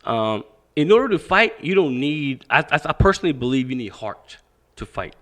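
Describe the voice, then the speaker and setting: Speaking at a moderate pace in a fairly high-pitched voice, this young Pakistani man is a boxing coach recounting his life on a podcast. His telling is profane and animated, with quoted dialogue performed out loud.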